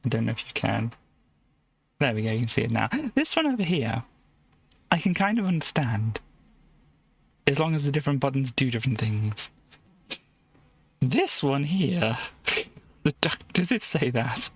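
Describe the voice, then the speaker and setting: A woman's voice: rumbling low, sing-song, normal speed, pauses often, a little hiss or hum. A woman streaming live, chatting casually and giggling as she reads through an old games magazine. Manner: chatty and giggly, trailing off into soft asides.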